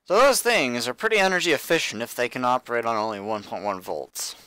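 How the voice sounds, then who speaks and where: A woman's voice: very deep voice, expressive, fast talker, fairly bright tone, smooth, no echo, rough recording. A woman streamer giving casual gameplay commentary in a playful, put-on mock British accent.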